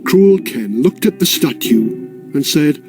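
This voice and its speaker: A man's voice: fairly high pitch, animated, unhurried, over music. A man narrating a children's history story in a playful, sing-song way.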